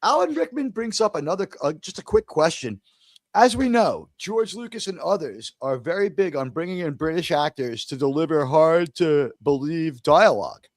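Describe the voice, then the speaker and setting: A man from the United States hosts a casual panel stream, talking in an animated, jokey way with big theatrical emphasis. His voice sits high for a man, and the sound is close and dry, with no room around it. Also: normal speed, no room sound. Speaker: host.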